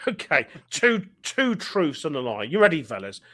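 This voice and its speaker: A middle-aged man with an English accent and a high voice that swings up and down a lot. He chats casually as a podcast co-host and keeps breaking into laughter mid-story. His delivery is giggly and animated. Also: moderate pace. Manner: laughs often while telling stories. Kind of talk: casual pub chat.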